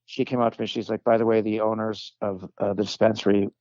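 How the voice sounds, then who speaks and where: A man, a comedic actor, tells a long anecdote as a guest on a chat podcast. He rambles with fillers and restarts and slips into quick voices for the people in his story. The sound is close and dry, a bit dull and lo-fi. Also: on the low side, flat delivery, a little mellow, no echo. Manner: rambling, many "like"s and restarts, acts out quoted voices.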